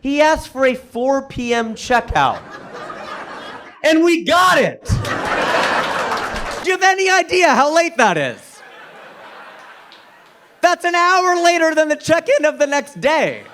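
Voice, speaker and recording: A man's voice: very high-pitched, very animated, slow, pauses often, sharp tone. A man performing a stand-up comedy set on stage into a handheld mic, telling stories with punchy asides to the crowd. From United States.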